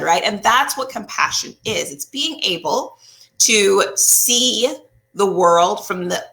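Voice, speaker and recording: A woman couples therapist explaining in a casual, animated way, often asking "right?" and acting out what people say. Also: medium pitch, slow pace. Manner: animated, acts out quotes, often asks "right?".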